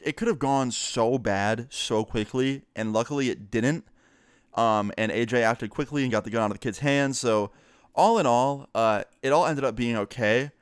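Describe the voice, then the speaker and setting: Smooth-voiced man telling a casual story. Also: medium pitch, dry recording, clean studio sound. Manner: relaxed, chatty, swears, many fillers. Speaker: storyteller vlogger.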